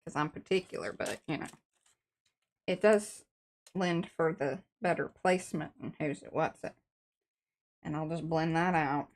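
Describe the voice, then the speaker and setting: A woman's voice: low-pitched, a little slow, long pauses. A woman co-hosting a live art stream, talking through her mixed-media work in a folksy, teasing way and speaking to viewers directly. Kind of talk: casual chat while demonstrating art.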